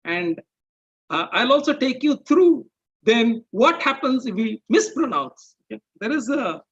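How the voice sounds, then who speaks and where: A man with a fairly high, slightly husky voice walks listeners through an explanatory talk in a measured way. He keeps stopping to check in with the audience. The recording sounds muffled and lo-fi. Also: big pitch swings, a bit bright. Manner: measured, explaining with rhetorical checks like "okay?" and "right?". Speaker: presenter.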